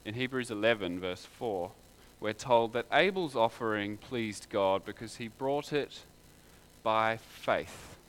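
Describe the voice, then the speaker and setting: A man's voice: on the low side, expressive, takes it slowly. A man preaching a sermon in a conversational way, full of rhetorical questions.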